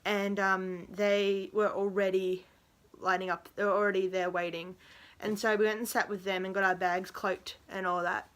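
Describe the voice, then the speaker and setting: A woman's voice: mid-range voice, little pitch movement, normal speed, fairly bright tone. Rambling giggly young woman. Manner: rambling and giggly, full of fillers. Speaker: vlogger. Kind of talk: storytime vlog.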